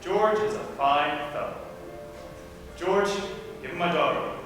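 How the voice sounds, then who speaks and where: An actor playing a gentle father of the bride, soothing and reassuring, on a theater stage. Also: fairly high pitch, a little slow, soft background music. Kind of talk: stage play acting. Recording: roomy hall, from far off.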